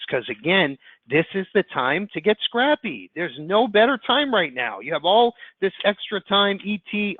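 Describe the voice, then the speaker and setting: A man giving an upbeat, fast sales pitch as presenter on a webinar call. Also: no echo. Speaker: insurance platform presenter. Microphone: conference call line. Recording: tinny phone-line audio.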